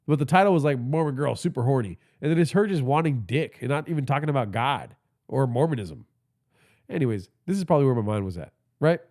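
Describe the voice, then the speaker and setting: A man's voice: mid-range voice, lively intonation, fast, darkish tone. A man hosting a podcast livestream, telling stories in a casual, profane and rambling way, talking into a phone held in his hand, with a stuffy nose. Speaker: podcast host.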